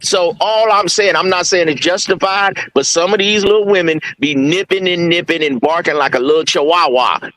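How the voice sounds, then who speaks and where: A man's voice: high-pitched, moderate pace, a bit bright. A man in his fifties co-hosting a podcast, talking bluntly and crudely in street slang, rambling through his point. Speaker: podcast co-host. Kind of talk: casual debate.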